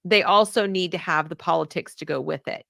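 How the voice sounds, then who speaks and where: A woman giving video commentary on a clip, talking with halting restarts and sudden emphasis. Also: fairly low pitch, creaky, a bit bright, no echo, clean studio sound. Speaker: online commentator.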